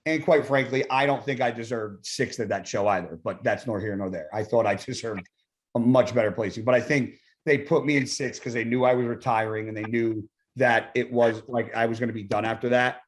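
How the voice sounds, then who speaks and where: A middle-aged man, a retired bodybuilder, talking as a podcast guest. He tells his story bluntly, swearing often and acting out quoted conversations. His voice sits at an everyday middle pitch. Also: fairly even intonation, brisk. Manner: blunt, profane, acts out his own quoted lines. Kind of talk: casual storytelling interview.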